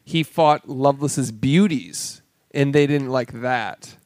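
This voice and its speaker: A man's voice: medium pitch, slow pace, a little mellow, no echo. A man co-hosting a podcast, chatting casually and rambling with self-mocking jokes. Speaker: podcast co-host. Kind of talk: casual chat.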